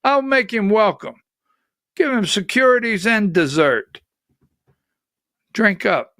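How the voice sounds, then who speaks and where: A man's voice: high voice, big pitch swings, slow, a bit bright, dry recording, clean studio sound, exaggerated voice. Male host doing a mocking impression of a boastful, dismissive head of state; sarcastic, slightly raised voice. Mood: smug. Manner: sarcastic, boastful rhetorical questions.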